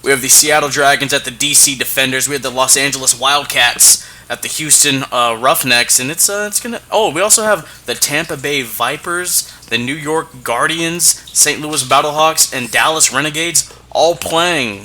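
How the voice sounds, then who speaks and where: A man's voice: fairly high pitch, moderate pace, hardly any pauses, bright, forceful tone, slight background noise. A man co-hosting a casual wrestling podcast, often stumbling and repeating words, with playful hype. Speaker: podcast co-host.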